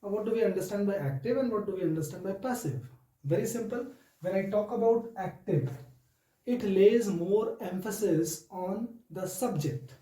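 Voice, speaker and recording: A man teaching a grammar lesson to children, speaking slowly and deliberately and often addressing them directly. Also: high-pitched, mellow, roomy sound, distant mic, low-quality recording.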